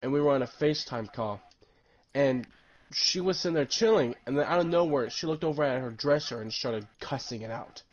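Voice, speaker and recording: A man's voice: medium pitch, lively intonation, brisk. A young man telling a story in casual podcast chat, rambling and swearing and saying "like" often. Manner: rambling, profane, full of "like". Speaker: podcast host. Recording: dull lo-fi with faint hiss.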